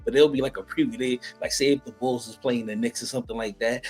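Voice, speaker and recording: Male host from the Bronx, husky, relaxed and talky, light music bed. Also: mid-range voice, quick pace, poor audio. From the Bronx, New York. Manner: laid-back, repeats words, says "man" often. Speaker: podcast host. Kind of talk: casual interview chat.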